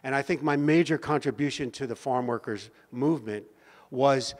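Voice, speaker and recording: A man in his seventies telling a personal story to a community meeting, vivid and animated with dramatic pauses. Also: medium pitch. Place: meeting hall. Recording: long hall reverb.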